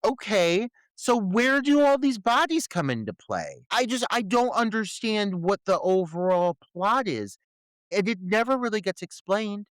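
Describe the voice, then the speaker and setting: A man co-hosts a movie podcast and reacts to the film with animated disbelief, swearing as he goes. His voice sits a bit high for a man. The sound is dry and close to the mic. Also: measured pace, dry recording. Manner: animated and incredulous, swears freely. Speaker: podcast co-host. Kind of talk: casual movie review chat.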